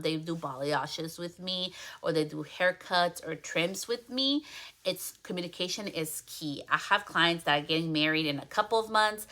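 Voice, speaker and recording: A young woman hosting a casual solo business podcast, chatty and animated as she acts out conversations with her salon clients. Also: low-pitched. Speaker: podcast host and hairstylist.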